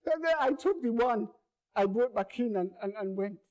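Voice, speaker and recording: A man's voice: extremely high pitch, expressive, normal speed. Earnest man telling his own story. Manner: earnest, repeats words and phrases, grows louder as tension builds. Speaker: monologue performer. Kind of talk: performed first-person storytelling.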